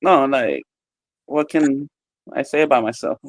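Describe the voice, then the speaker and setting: A woman from the South with an unusual Southern accent and a very deep voice, teasing the others during a stream. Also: a little slow, a little hiss or hum. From American South. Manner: teasing, sassy. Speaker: stream guest. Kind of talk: casual banter.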